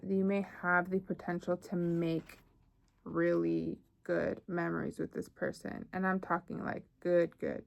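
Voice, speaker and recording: A woman's voice: on the low side, creaky, fairly bright tone. A young woman giving a casual tarot reading, chatty and thinking aloud with frequent fillers. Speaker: tarot reader.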